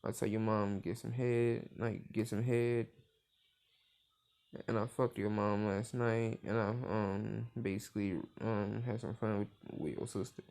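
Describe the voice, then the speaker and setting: A man's voice: lowish voice, flat delivery, gravelly, darkish tone. Man doing a brash foul-mouthed hero boy. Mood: sheepish. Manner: rapid crude trash talk.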